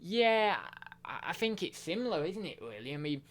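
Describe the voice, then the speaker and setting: A man's voice: high-pitched, very animated, moderate pace. Rambling man live-streaming. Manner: rambling, many fillers and restarts. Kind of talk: casual live-stream chat.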